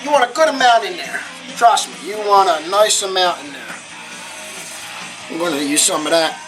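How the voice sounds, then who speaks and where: A woman's voice: moderate pace, rough recording. A woman hosting a cooking lesson at home, chatty and upbeat, talking viewers through each step with frequent exclamations. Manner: chatty, upbeat, often exclaims "boom" and asks "okay?". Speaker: cooking show host. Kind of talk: casual cooking demonstration. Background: guitar music.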